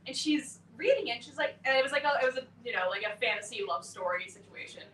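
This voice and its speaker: A woman's voice: on the high side, lively intonation, fast, fairly bright tone. A young woman, a debut author at a book launch, chatting casually with lots of "like" and "um" and frequent laughter. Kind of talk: casual chat at a live event. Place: bookstore event room. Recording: echoey room, mic at a distance, faint hiss.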